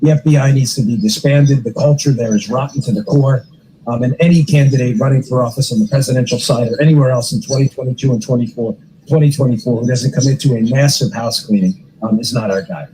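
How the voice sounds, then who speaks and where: A man's voice: medium pitch, fast talker, dark tone, slight background noise, poor audio. A man hosting a podcast, giving blunt, sarcastic political commentary. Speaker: podcast host.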